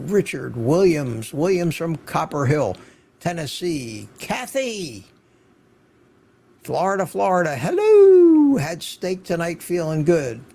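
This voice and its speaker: An older man hosting a live online show in a relaxed, chatty way, his fairly high voice edged with gravelly fry. He greets viewers one after another and doubles up words when he wants to stress something. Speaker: host. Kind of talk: casual livestream chat.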